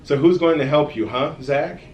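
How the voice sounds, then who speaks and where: A man's voice: on the high side, normal speed, darkish tone, distant mic, lo-fi sound, natural voice. A mean storybook schoolboy bully, growling and taunting, as a man reading aloud puts him on. The room around him is echoey, with faint hiss behind.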